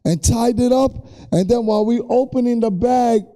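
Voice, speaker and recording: A man's voice: very high-pitched, normal speed, dark tone. A man co-hosting a casual chat, telling childhood stories in a laid-back way and laughing often. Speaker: podcast co-host.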